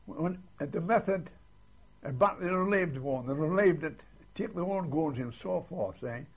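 An older man rambles through his memories of the war, often tagging his lines with "see". His voice is gravelly and husky. The old archival tape sounds dull and lo-fi. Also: a little high, animated, moderate pace. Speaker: war veteran interviewee. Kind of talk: oral history recollection.

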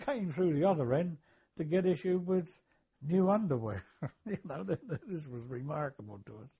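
An older war veteran recalling his service in an interview, hesitant, with many fillers, throat clearing and chuckles. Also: fairly high pitch, animated, normal speed, dark tone, highs cut off. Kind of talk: oral history recollection.

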